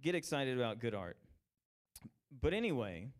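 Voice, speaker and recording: A young man gives a casual evening sermon. His delivery is animated and conversational, with jokey asides. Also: mid-range voice, normal speed.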